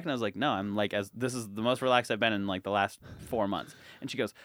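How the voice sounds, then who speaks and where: A young man in his twenties, co-hosting a podcast and telling a funny story in casual chat, acting out what people said with big loud swings. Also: lowish voice, quick pace, few pauses. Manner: animated storyteller, acts out quotes loudly. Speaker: podcast co-host.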